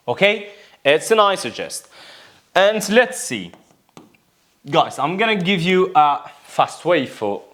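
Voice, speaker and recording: A man's voice: on the high side, a bit bright. A man teaching an English lesson, explaining step by step, repeating key words and putting questions to the class. His first language is Kurdish. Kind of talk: classroom grammar and pronunciation lesson.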